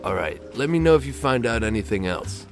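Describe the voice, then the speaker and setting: A man voicing a gruff, burly male police officer who talks bluntly and crudely. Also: mid-range voice, lively intonation, fairly quick, faint music behind, close to an everyday voice. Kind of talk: audio drama acting.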